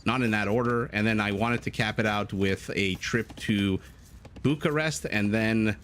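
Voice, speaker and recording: A man's voice: on the low side, unhurried, fairly bright tone, a little hiss or hum. A man casting a strategy game live, chatting and joking with his viewers between plays. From Canada. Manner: chatty, jokey, breaks off to answer chat. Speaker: game caster. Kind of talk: live esports commentary, reading chat.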